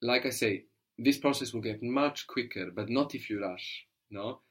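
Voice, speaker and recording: A man teaching a language lesson, patiently encouraging and modeling words slowly, syllable by syllable. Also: medium pitch.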